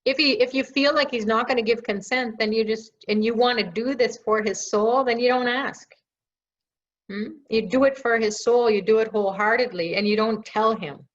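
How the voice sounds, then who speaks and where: A woman's voice: fairly high pitch, normal speed. Chatty woman hosting a lo-fi live Q&A. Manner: chatty and reassuring, with self-teasing jokes. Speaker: live show host answering viewer questions. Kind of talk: casual live Q&A. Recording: dull lo-fi stream audio.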